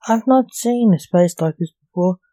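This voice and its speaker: A woman voicing a gruff male grim reaper, father and emperor, in a storybook reading, in her own plain voice. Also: fairly low pitch, normal speed, warm tone, dry recording, close to an everyday voice, rough recording.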